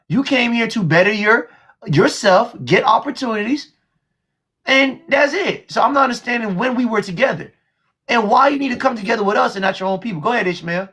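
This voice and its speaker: Gravelly, husky-voiced man arguing bluntly. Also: extremely high pitch, fairly bright tone. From United States. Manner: blunt and emphatic, with profanity. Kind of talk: heated live discussion.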